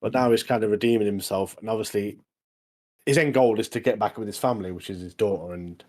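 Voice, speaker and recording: A man's voice: lowish voice, quick pace, a little mellow. Rambling podcast man. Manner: rambling recap, tag questions. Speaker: podcast co-host. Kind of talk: casual chat.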